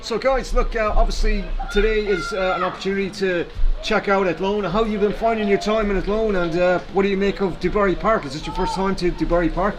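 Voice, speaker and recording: A man's voice: high-pitched, fairly even intonation, quick pace, over music. A man interviewing guests at an outdoor rugby ground, chatty and encouraging, with plenty of filler words. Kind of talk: pitch-side interview.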